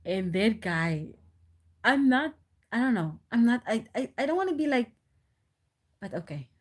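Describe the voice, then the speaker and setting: A woman chatting on a live stream, telling stories in an animated, rambling way with restarts and frequent laughs, into a phone. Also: fairly high pitch, a little slow. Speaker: livestreamer. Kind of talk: casual storytelling on a live stream.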